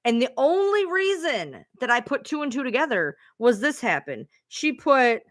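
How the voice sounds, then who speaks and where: A woman's voice: high-pitched, very animated, normal speed, no room sound, clean studio sound. A woman live streamer casually telling a rambling story to her viewers, chatty and swearing freely.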